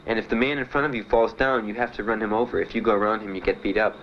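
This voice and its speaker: A young veteran gives testimony in a slightly low voice, plain and halting, full of pauses and fillers. The recording is muffled and dull, like an old 1970s archive tape. A faint hiss sits under his voice. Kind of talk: spoken testimony.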